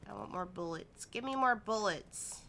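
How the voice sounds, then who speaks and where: A woman's voice: mid-range voice, expressive, normal speed, gravelly, fairly bright tone, a little hiss or hum. A young woman streamer giving playful, chatty commentary as she plays, often talking to the game itself. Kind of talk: casual gameplay commentary.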